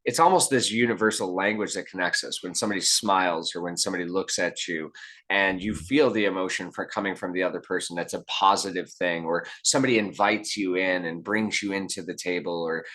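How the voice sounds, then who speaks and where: A man with a very low, deep voice talks as an interview guest. He is earnest and reflective, circling back and restarting his sentences as he works through an idea. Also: a little fast, bright, forceful tone. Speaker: guest, keynote speaker. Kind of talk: conversational interview answers.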